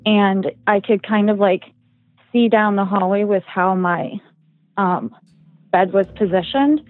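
A woman's voice: medium pitch, unhurried, no room sound, soft background music. A young woman chats casually as a podcast guest, rambling along with plenty of "like" and "um" fillers. Her voice comes through thin and tinny, like a phone line, and sits dry and close with no room sound around it. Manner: rambling, heavy use of "like" and "um". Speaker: guest storyteller.

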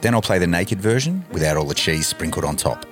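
A man's voice: deep voice, big pitch swings, fairly quick. A man hosting a music podcast in casual, blunt commentary, swearing freely. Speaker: podcast host.

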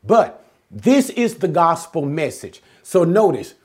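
Slow, lively-voiced male Bible teacher. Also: on the high side. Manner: asks the listeners rhetorical questions and answers them; spells out Greek phrases word by word.

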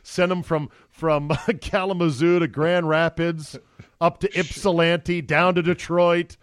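A man's voice: on the high side, fairly even intonation, measured pace, clean tone, no room sound, studio quality. A man hosting a podcast, joking and bantering casually with radio guests. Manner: joking, playful. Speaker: podcast host.

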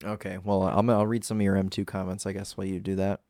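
A man's voice: low voice, fast talker, dry recording, studio quality. A man co-hosting a podcast, chatting casually about cars and reading listener comments aloud. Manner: relaxed, agreeable, reads listener comments aloud. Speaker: podcast co-host.

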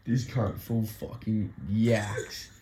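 A young Australian man with a very low voice tells a story bluntly, swearing freely. He rambles loosely. The sound carries room echo and a faint hiss. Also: level tone, slow, dark tone. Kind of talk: casual chat. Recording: echoey room with faint noise.

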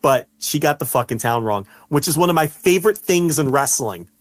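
Animated man on a wrestling podcast. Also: a little high, fairly quick. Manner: animated storytelling, shouting out quoted lines. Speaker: podcast co-host. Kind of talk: casual wrestling podcast chat.

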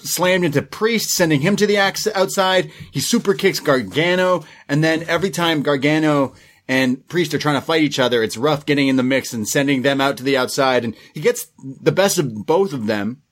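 A man co-hosting a podcast, recapping events in a relaxed, rambling play-by-play with plenty of fillers. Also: on the high side, moderate pace. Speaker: podcast co-host. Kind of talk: casual recap chat.

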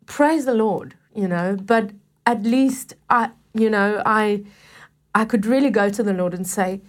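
A woman telling a personal faith testimony in a casual conversation, animated and self-deprecating, laughing often. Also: medium pitch, unhurried. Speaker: Christian talk-show participant.

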